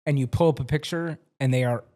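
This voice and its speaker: An enthusiastic man co-hosts a relaxed chat about a TV episode. He talks freely and trusts his gut when he explains things. His voice sits at a middle pitch. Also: quick pace. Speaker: podcast co-host. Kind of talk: casual chat.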